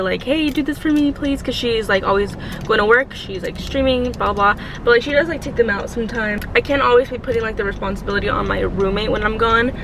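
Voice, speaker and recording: A woman's voice: a little high, noisy background. A young woman in her twenties chatting casually to her vlog audience, rambling with lots of fillers. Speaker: vlogger.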